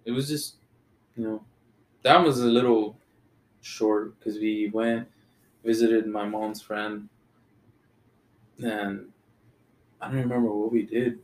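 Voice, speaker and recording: A man's voice: on the low side, fairly even intonation, slow pace, pauses often, slight background noise. A young man from Texas in casual chat as a podcast co-host, laid-back and swearing freely. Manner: laid-back, swears a lot, says "dude".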